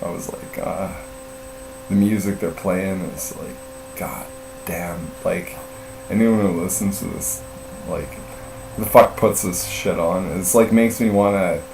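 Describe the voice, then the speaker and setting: Gravelly low-voiced man rambling a story. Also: steady tone, a little slow, darkish tone. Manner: rambling, profane, full of fillers and self-mocking laughs. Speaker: live streamer. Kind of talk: casual storytelling. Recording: roomy, distant mic with faint mains hum.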